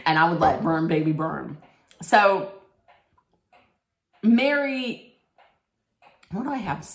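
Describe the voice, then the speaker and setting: A woman's voice: fairly low pitch, big pitch swings, slow pace, reverberant. A woman giving a snarky, blunt recap straight to her viewers, emphatic and sarcastic. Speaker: reality TV recap vlogger.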